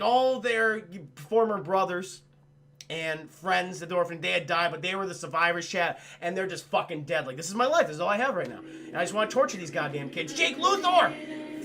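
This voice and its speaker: Gravelly high-voiced profane streamer. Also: male voice, sharp tone. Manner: profane, rambling, mocking impressions. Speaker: streamer reviewing a film with chat. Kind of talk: crude comedic film recap.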